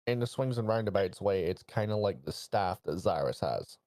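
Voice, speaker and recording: A man's voice: deep voice, expressive, normal speed, darkish tone. A man playing in a tabletop game, asking questions to make sure he understands the rules. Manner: asks questions to check the rules. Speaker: player. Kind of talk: casual chat at a game table.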